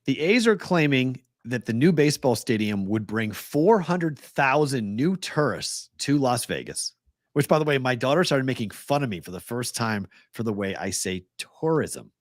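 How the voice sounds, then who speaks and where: A man's voice: medium pitch, very animated, normal speed, no echo, clean studio sound. A middle-aged man with a Boston accent, co-hosting a casual sports talk show and telling stories with frequent laughs. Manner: chatty storyteller, laughs often. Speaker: co-host.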